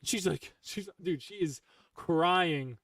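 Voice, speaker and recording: A man's voice: fairly high pitch, slow pace, a bit bright, no echo. A young man, a former Marine sergeant hosting a podcast, telling stories casually with lots of swearing and emphasis. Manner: profane, emphatic, full of fillers. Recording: dry, from some distance to the mic.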